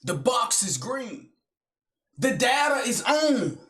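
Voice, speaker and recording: A man performing a furious comedy rant, shouting in heavy slang. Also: extremely high pitch, expressive, unhurried, roomy sound. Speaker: sketch comedian.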